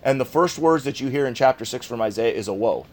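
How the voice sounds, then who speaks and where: A man's voice: medium pitch, lively intonation, fast talker, a little mellow. A man pastor delivering a sermon in an earnest, conversational way, repeating key phrases for emphasis.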